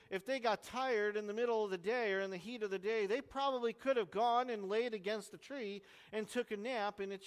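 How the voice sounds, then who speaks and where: A pastor giving an expository sermon, explaining a text earnestly and leaning hard on key words. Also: male voice, sits high, big-room sound. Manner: earnest, explanatory teaching with strong emphasis.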